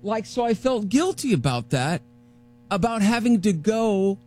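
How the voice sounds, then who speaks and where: On his morning radio show, a man with a high voice tells a personal story in an unhurried, casual, animated way, acting out his own remarks.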